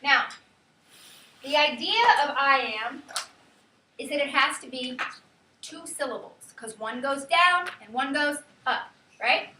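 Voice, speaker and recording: A woman's voice: sits high, slow, pauses often, noisy background. A woman teaching a class, sometimes calling words out in a sing-song way to show syllable stress. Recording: echoey classroom, mic far off.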